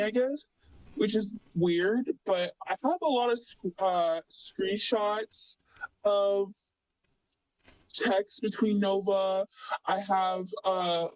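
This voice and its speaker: A young man telling a story casually as an interviewee, rambling with many fillers and animated retellings. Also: high voice, no echo, rough recording.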